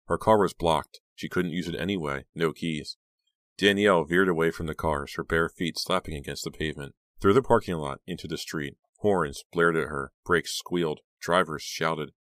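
A man with an extremely deep voice narrates a horror audiobook. His reading is steady and dramatic. The sound is dry and close-miked, with almost no room echo.

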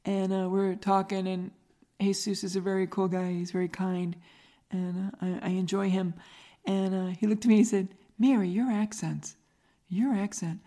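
This podcast host, a middle-aged woman with a regional American accent, tells chatty stories and laughs often. Her voice is medium-pitched and dark, delivered at a moderate pace with a level tone.

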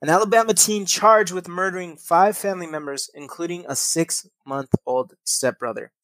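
Young guy podcaster reading weird news, kinda high voice, curses a lot, dry close mic. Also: normal speed, a bit bright, no echo. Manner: swears often, laughs at own slips. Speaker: podcast host. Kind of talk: casual news-reading commentary.

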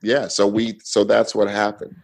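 A man's voice: fairly low pitch, monotone, normal speed, vocal fry, low-quality recording. A male comedian guest telling a long story in a laid-back way, acting out the other people in it. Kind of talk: casual storytelling on a podcast.

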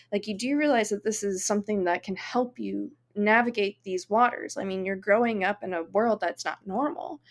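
Woman, art teacher, podcast guest, earnest, enthusiastic, quick bursts of speech. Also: medium pitch. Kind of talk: casual podcast conversation.

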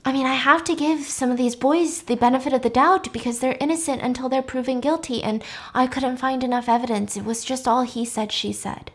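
A woman voicing a defensive middle-aged college dean who speaks in soft, evasive hedges. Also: high-pitched, steady tone, fairly quick, hardly any pauses. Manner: evasive, hedging, soft-spoken.

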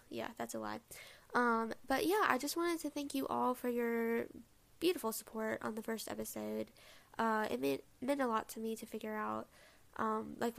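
A woman's voice: on the high side, creaky. A young woman hosting her own podcast, chatting casually and rambling with lots of asides. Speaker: podcast host. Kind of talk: casual solo podcast chat.

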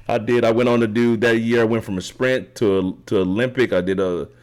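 Brief: very deep man, middle-aged, loose rambling storyteller, tags lines with "right?". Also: steady tone, brisk, a little mellow. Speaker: podcast guest, triathlete. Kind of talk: casual storytelling interview.

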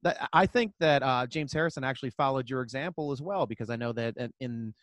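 A man's voice: mid-range voice, fast talker, fairly bright tone, no room sound. A man hosting an interview, asking questions and giving short encouraging replies. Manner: encouraging, frequent short backchannels. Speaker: podcast host.

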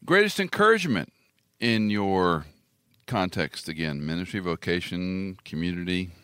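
A man's voice: deep voice, expressive, moderate pace, pushed and bright, clean tone, no room sound, studio quality. A man hosting a casual interview, joking and self-deprecating. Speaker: interview host.

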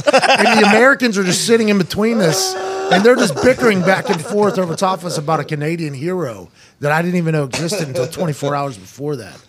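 High-voiced animated podcast host. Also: male voice, fast talker, crowd noise. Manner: animated, laughing, acts out voices in stories. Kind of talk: casual storytelling chat.

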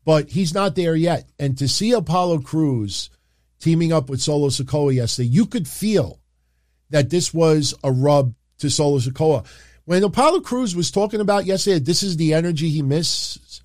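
Excitable man hosting a dry livestream. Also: on the high side, dry recording. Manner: excitable, rambling, jumps into quick impressions. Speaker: wrestling show host. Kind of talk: casual livestream commentary.

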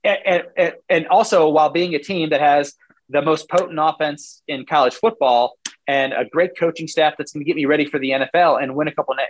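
A man's voice: on the high side, fairly even intonation, brisk. A man in his forties, a former player now analyzing football in casual talk, rambling animatedly and acting out what coaches would say.

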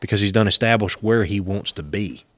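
A man's voice: fairly low pitch, a little fast. A man, a podcast guest chatting casually in easygoing, teasing banter. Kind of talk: casual chat.

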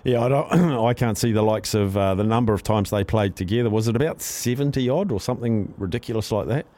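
A man's voice: lowish voice, warm tone, no echo. New man hosting talkback radio. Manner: chatty, quick to agree with callers. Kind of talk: casual talkback chat.

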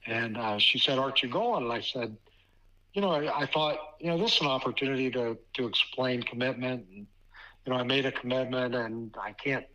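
A man in his fifties from Ohio, a basketball official guest telling a personal story in a halting way, often repeating words. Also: mid-range voice, pushed and bright, highs cut off. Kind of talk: casual storytelling interview.

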